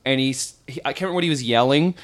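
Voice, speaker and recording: A man's voice: mid-range voice, rapid-fire. A man, a comedian, telling a story in casual podcast chat and adding dry quips as he goes.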